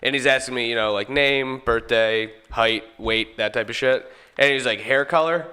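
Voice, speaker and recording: A man's voice: mid-range voice, fairly even intonation, moderate pace, sharp tone, clear, resonant tone. A man chatting on a comedy podcast, telling profane stories with lots of laughter. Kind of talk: casual comedic chat.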